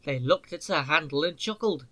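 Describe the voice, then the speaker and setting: A man reading a children's storybook aloud in a clear, measured way. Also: fairly high pitch, lively intonation, fairly bright tone. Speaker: narrator. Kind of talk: storybook narration.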